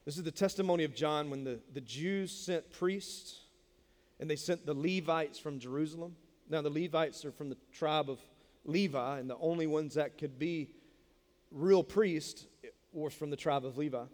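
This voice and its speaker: A man's voice: fairly high pitch, normal speed, a little mellow. A man preaching a sermon in a casual, conversational way, joking with listeners and often repeating words as he explains. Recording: long reverb in a large hall.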